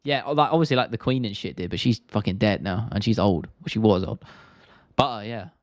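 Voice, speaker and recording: A man's voice: on the low side, a little fast, no echo, clean studio sound. Chatty South London guy. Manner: chatty, blunt, swears freely, drops T's. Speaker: MMA stream host. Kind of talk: casual live-stream chat reading viewer comments.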